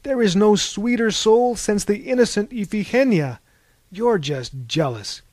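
A man voicing Aphrodite, a haughty, jealous goddess of love, with a shrill, indignant delivery in a dry recording. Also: expressive, unhurried, darkish tone, no echo.

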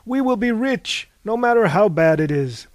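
A man's voice: high voice, animated, normal speed, no echo, studio quality, voice pushed up. A man doing an eager, fawning printer. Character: excitable middle-aged male Greek printer.

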